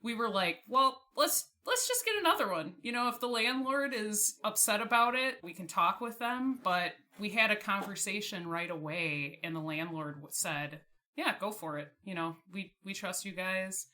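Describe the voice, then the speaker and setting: A woman's voice: mid-range voice, normal speed, sharp tone. A young woman in her twenties telling a story about her dogs in a casual, chatty way, often laughing and saying "like". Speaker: podcast guest.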